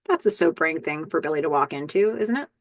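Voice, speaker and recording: A chatty woman hosts a casual recap podcast with a slightly low voice. She walks through each scene step by step, dropping in little fillers as she goes. The sound is dry and close, with no room around it. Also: animated, fast, dry recording. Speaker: podcast host.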